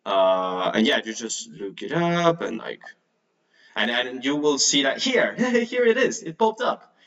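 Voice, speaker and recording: Guy teaching english, gravelly voice, kinda far from the mic. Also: medium pitch, very animated, a little slow, fairly bright tone, lo-fi sound. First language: Spanish. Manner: chatty, filler-heavy, laughs nervously. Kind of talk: casual online lesson. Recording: distant mic, degraded audio.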